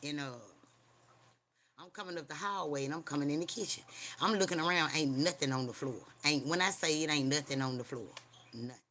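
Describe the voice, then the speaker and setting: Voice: medium pitch, a little fast, bright, forceful tone, slight background noise. A livestream host talking casually from home, rambling and profane, mixing a spooky personal story with street preaching and often checking in with viewers. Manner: rambling, slangy and profane, keeps asking viewers "you hear me?".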